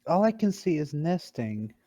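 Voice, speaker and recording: A man playing an online tabletop game, making deadpan jokes in casual chat over a computer mic. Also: a little high, moderate pace, slight background noise. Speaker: player.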